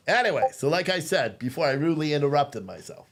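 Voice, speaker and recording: A man's voice: fairly high pitch, big pitch swings, quick pace. Man, 30s, podcast host, loose profane storyteller who acts out voices. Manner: rambling, profane, restarts and acts out family dialogue. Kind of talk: casual storytelling on a live stream.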